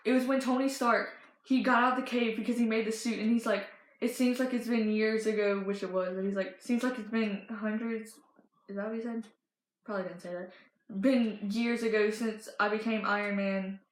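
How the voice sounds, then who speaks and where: A teenage girl vlogging about movies she loves, telling stories in a gushing, excited way with lots of fillers and restarts. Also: on the high side, moderate pace, reverberant, low-quality recording. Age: teens. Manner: gushing, breathless storytelling with many fillers and restarts. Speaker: fan vlogger. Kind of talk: excited casual chat.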